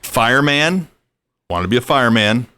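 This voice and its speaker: A man hosting a podcast, asking questions in relaxed, chatty conversation and laughing along. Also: mid-range voice, normal speed, smooth. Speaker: podcast host. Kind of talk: casual interview chat.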